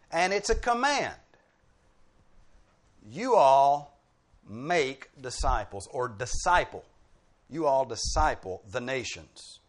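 A man's voice: mid-range voice, fairly bright tone. A man preaching a sermon, explaining points like a teacher and punching key words with dry humorous asides.

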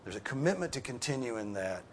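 In a quick, sing-song delivery with slight background noise, a man preaches and leads Bible class discussion. He stays earnest and emphatic, wanders into casual asides, and gets louder and higher when he wants to hammer a point.

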